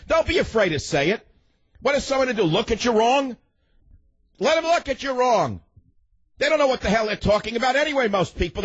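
A man's voice: fairly low pitch, slightly rough, dry recording, dull audio. A man hosting a political talk radio show, delivering a combative, ranting monologue full of rhetorical questions. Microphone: studio microphone.

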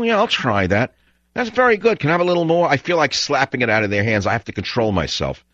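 A man's voice: mid-range voice, pushed and bright, no echo. A man hosting a call-in radio show, ranting in a scornful, blunt way. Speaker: radio talk show host. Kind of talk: call-in talk radio monologue. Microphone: studio broadcast microphone. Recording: dull, dry radio broadcast audio.

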